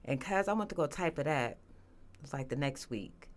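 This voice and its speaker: Woman giving a halting, earnest testimony. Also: low voice, expressive. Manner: earnest, halting, many restarts and fillers. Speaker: guest. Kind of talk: emotional personal testimony.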